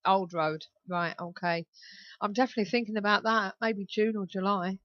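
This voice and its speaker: A woman's voice: mid-range voice, fairly even intonation, moderate pace, dry recording, muffled recording. A woman from southern England hosting a community radio talk show, chatty and laughing often. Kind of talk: casual radio chat.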